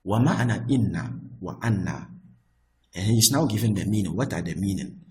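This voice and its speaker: A man's voice: fairly low pitch, animated, normal speed, poor audio. A man teaching a grammar lesson, explaining patiently, repeating himself and restarting phrases.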